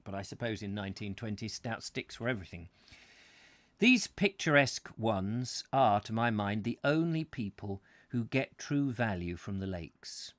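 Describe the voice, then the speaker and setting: A man hosting a live book reading, going through the text in measured tones and adding wry asides of his own. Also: mid-range voice, fairly bright tone, no room sound. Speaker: host reading a book aloud.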